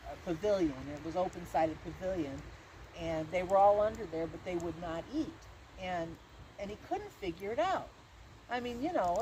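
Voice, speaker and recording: A woman's voice: fairly low pitch, dark tone, slight background noise, poor audio. Folksy woman telling a spooky tale. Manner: folksy, halting, with restarts. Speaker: storyteller. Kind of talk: spoken ghost-story telling. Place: outdoor event.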